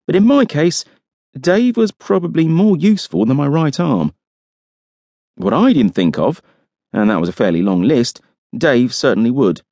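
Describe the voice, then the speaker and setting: A man's voice: medium pitch, very animated, normal speed, warm tone, no echo. A man narrating a first-person audiobook with wry, dry humour.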